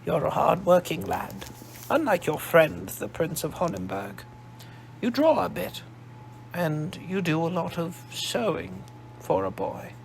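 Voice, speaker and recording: A man putting on a slow, imperious posh old woman. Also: high-pitched, vocal fry, slight background noise, voice pushed up, full character voice. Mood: probing, imperious. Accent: posh English. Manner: slow, probing, commanding.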